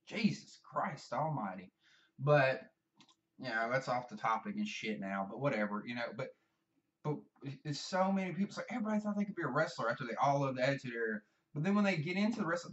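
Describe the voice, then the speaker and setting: A man's voice: medium pitch, recorded from a distance, dull audio. A man with a Southern US accent, rambling profanely and self-deprecatingly in a casual vlog monologue. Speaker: vlogger.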